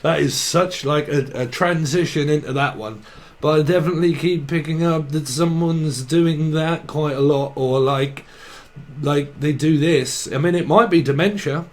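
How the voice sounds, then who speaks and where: A man's voice: fairly high pitch, normal speed, a little mellow. A man giving a loose, free-associating tarot reading, riffing on words and laughing at himself. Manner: free-associating wordplay, giggly asides. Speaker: tarot reader. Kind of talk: rambling tarot channelling monologue.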